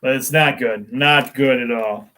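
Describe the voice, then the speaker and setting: A man hosting a small sports talk show with an unhurried, rambling delivery. His voice is bright and forceful, and he keeps stopping and restarting his sentences. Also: mid-range voice, slight background noise, rough recording. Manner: rambling, with frequent fillers and restarts.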